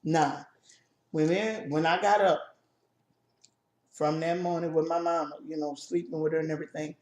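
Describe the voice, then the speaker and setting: A woman co-hosting a casual chat video, telling a personal family story in a halting, emotional way with many restarts. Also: sits low, steady tone, a little mellow, echoey room. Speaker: co-host.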